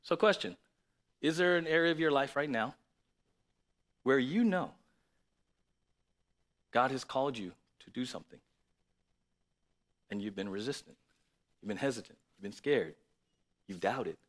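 A man preaching a sermon to his church, lively and conversational, reading scripture aloud and then explaining it. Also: mid-range voice, a little slow, long pauses. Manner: lively, conversational preaching with sudden loud emphasis. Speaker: pastor.

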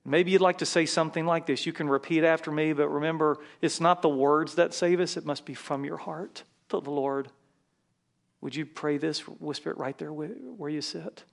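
A man's voice: on the high side, steady tone, moderate pace, creaky. A man preaching a sermon as a pastor in a church, leading his congregation in call-and-response and prayer.

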